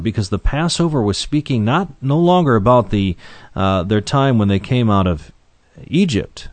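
A man teaching through a Bible passage verse by verse. He reads scripture aloud in King James wording and talks between verses in a loose, conversational way, pausing on "uh" and repeating words. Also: medium pitch, animated, no echo.

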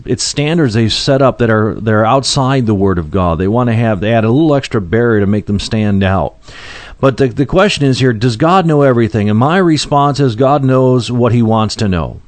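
A man's voice: medium pitch, normal speed, darkish tone, no room sound. Man preacher, conversational Bible teaching, plain-spoken with lots of "uh"s and restarts, dry close sound.

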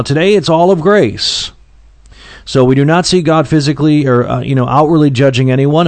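A man gives a conversational sermon-style Bible teaching at a middle pitch. He speaks plainly, often pausing on fillers and restarting phrases. The recording is dry and close. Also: a little mellow, no room sound. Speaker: preacher.

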